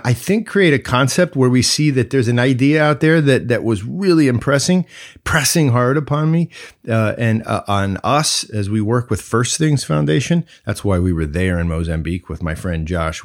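A man hosting a solo podcast, talking in a playful, reflective way that moves between jokes and musing. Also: mid-range voice. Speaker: podcast host.

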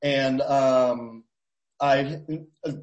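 A man's voice: medium pitch, extremely slow, lo-fi sound. Man telling stories in a roomy echo. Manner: storytelling, animated. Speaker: podcast host and food tour guide. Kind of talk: casual podcast chat.

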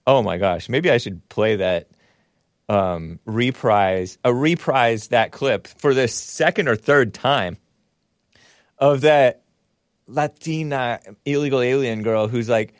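A man's voice: mid-range voice, slow pace, no echo, studio quality. A man hosting a talk show, giving casual, sarcastic commentary and laughing often as he mocks tweets.

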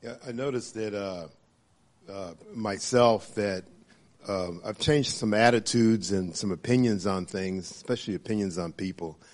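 A man sharing reflections in a church group, halting with many pauses and fillers. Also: lowish voice, a little mellow, slight background noise. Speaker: church small-group member.

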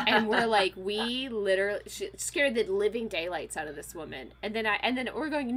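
A woman in her thirties, a podcast guest, telling a weekend story in a casual, animated way, full of fillers and quoted voices. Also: mid-range voice, moderate pace, a little hiss or hum. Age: 30s.

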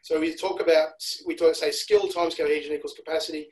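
Analytical man, slightly high voice. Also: steady tone, fast talker, darkish tone, low-quality recording. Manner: analytical, repeats words when restarting. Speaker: rugby analyst guest. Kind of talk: casual podcast chat.

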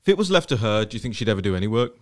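A man hosting a casual political podcast. He talks in an animated, joking way and speeds up in rapid bursts. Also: fairly low pitch. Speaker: podcast host.

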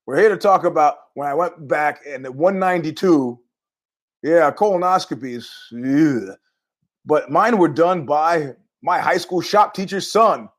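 A man's voice: a little high, measured pace. A middle-aged man hosting a podcast, telling rambling, jokey stories in a casual monologue with asides. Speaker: podcast host.

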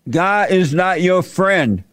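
A man's voice: sits high, lively intonation, slow, fairly bright tone, clear, resonant tone, no room sound, studio quality, exaggerated voice. Man doing fickle pleading friends. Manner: pleading, urgent. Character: fickle worried male friends.

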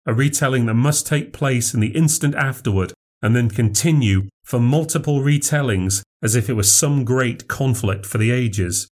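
A British man narrating a horror story in a steady, dry, measured voice. His pitch sits in the middle for a man. He reads the story as the podcast's narrator.

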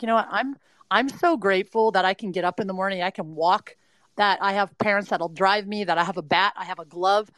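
A woman's voice: medium pitch, dry recording, low-quality recording. Middle-aged woman giving earnest pep-talk advice to athletes, lots of you-knows, dry close sound. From California. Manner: earnest, emphatic, coaching tone with many "you know" fillers. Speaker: mindset and performance adviser. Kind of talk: interview guest, motivational talk.

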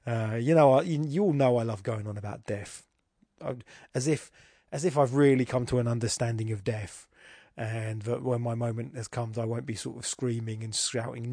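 A man's voice: medium pitch, steady tone, normal speed, dark tone, dry recording. Rambling man with a dry close mic. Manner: rambling and self-deprecating, many restarts. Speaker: podcast host. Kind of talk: casual poetry analysis.

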